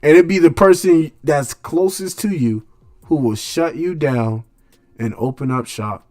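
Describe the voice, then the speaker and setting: A man's voice: on the high side, a little slow, a little mellow, dry recording. A man hosting a radio show, delivering a blunt casual monologue in street slang full of rhetorical questions.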